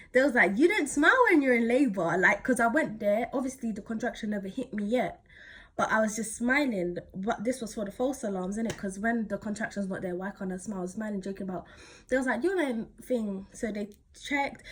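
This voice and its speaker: A woman's voice: on the high side, slightly rough. A teenage woman, telling a personal story casually to camera, rambling with lots of fillers and slang. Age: teens. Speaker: vlogger.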